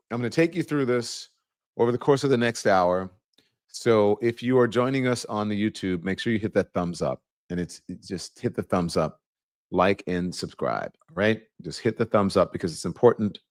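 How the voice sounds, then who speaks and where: On a live commentary stream, the male host rambles conversationally and grows indignant about the news. His fairly low voice moves at a moderate pace, recorded with clean studio sound and no room echo.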